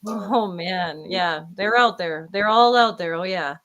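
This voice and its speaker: Bright, chatty female host. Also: fairly low pitch. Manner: chatty, reacts with quick laughs and short remarks. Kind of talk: casual chat.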